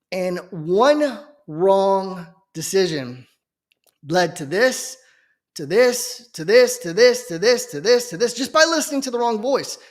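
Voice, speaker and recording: A young man giving an earnest, fervent Christian testimony as a preacher, often checking in with "okay?". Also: high voice. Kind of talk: emotional personal testimony.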